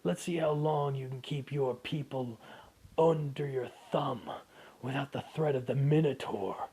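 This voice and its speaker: Man doing a cold young warrior prince, husky, slow and taunting. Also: mid-range voice, dark tone.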